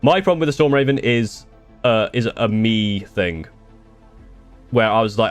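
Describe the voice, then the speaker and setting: A man's voice: fairly low pitch, expressive, a little slow, pauses often, smooth, faint music behind. A young man chatting casually on a live stream, answering viewer questions in a rambling way with restarts and the odd swear. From United Kingdom.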